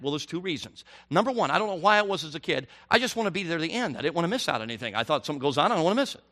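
Bright-voiced animated male preacher. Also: fairly high pitch, rapid-fire, few pauses. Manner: animated, rising to shouts on emphatic questions. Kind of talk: sermon.

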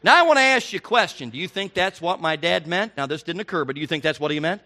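A middle-aged man preaching a sermon, animated and rising to near shouts on his emphatic questions. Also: a little high, fast.

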